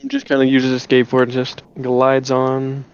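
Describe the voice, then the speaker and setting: A man's voice: medium pitch, monotone, moderate pace, smooth, highs cut off. A man narrating a tabletop game as game master, rambling with many restarts and fillers. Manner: rambling, full of "you know" and restarts.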